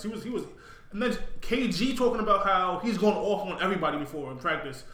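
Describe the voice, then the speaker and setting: A man co-hosting a podcast, talking sports in casual chat, excitable and quick, often restarting his sentences. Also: high voice. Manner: fast, excitable, frequent restarts. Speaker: podcast co-host. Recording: roomy echo.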